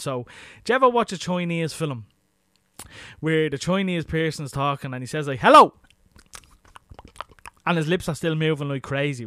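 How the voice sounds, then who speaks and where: A man's voice: fairly high pitch, no room sound, clean studio sound. An Irish man hosting a podcast, talking casually and crudely with lots of swearing. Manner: crude, swearing, chatty and matter-of-fact. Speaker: podcast host. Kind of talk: casual solo podcast monologue.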